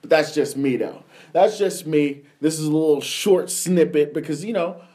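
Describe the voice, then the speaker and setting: A young man with a slightly high voice hosts a casual podcast chat. He rambles through profane anecdotes and laughs often as he talks. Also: moderate pace, dark tone. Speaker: podcast host.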